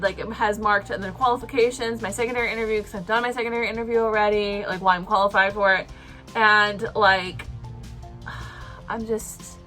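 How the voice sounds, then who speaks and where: A woman's voice: a little high, sharp tone. A young woman telling an emotional personal story to camera, rambling with lots of fillers. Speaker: vlogger.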